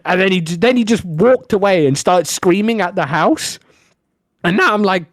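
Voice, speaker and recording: A young man originally from Africa, co-hosting a podcast and telling a long story in a casual, swearing, animated way. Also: high voice, normal speed, dry recording. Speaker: podcast co-host.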